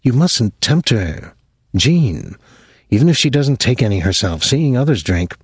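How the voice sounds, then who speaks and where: A man's voice: mid-range voice, sing-song, a little slow, husky, dry recording, clean studio sound, exaggerated voice. A man reading an audiobook, voicing a worried woman who talks in an urgent, pleading way. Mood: earnest. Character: young woman, earnest and worried.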